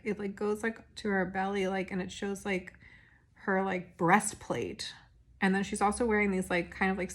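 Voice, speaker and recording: A young woman recapping a reality dating show in a rambling, casual monologue full of fillers and restarts. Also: medium pitch. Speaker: recap podcast host.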